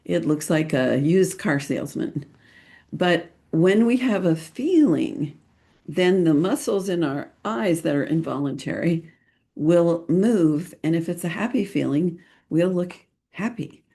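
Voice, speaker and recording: A middle-aged woman hosting a podcast, chatting casually and playfully about photographing children, laughing often and pausing with lots of ums. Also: fairly low pitch, expressive, mellow. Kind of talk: casual podcast talk, giving tips.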